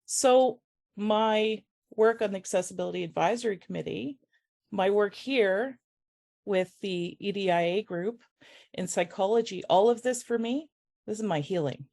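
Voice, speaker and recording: A woman faculty member giving a personal, emotional conference talk, halting with many restarts and audibly close to tears. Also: mid-range voice, gravelly, a little mellow. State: tearful. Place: conference room.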